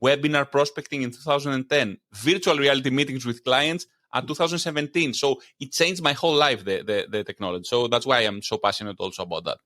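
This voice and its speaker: A middle-aged man from Greece speaks in quick, eager bursts as an interview guest. His pitch sits in an ordinary middle range, and he talks over a video call. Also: fairly even intonation, sharp tone. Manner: fast-talking, enthusiastic, laughs often. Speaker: guest, insurance and AI trainer. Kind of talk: casual interview chat.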